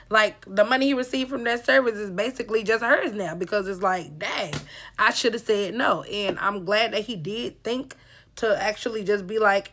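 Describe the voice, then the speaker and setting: A woman's voice: mid-range voice, a bit bright. A woman giving opinionated reaction commentary in a lecturing, casual way.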